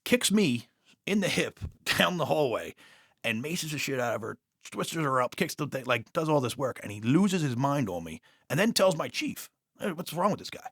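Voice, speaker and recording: A male police officer, appearing as a guest in a podcast studio, speaks in a mid-range voice at normal speed with clean, echo-free studio quality. He tells stories casually, rambling and swearing, and animatedly acts out the dialogue as he quotes it.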